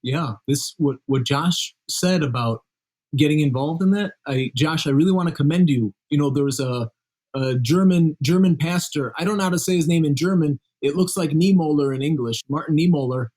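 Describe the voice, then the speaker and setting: A man's voice: on the high side, moderate pace, a little mellow. A man being interviewed as a guest author, explaining his views in an earnest, conversational way.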